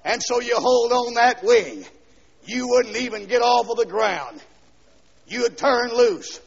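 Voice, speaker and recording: A man preaching a fiery revival sermon, dropping to quiet asides and then shouting and singing out lines, heard on a dull 1970s LP recording from a church. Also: extremely high pitch, animated, a little slow, creaky, slightly rough. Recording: dull 1970s LP recording with long hall echo.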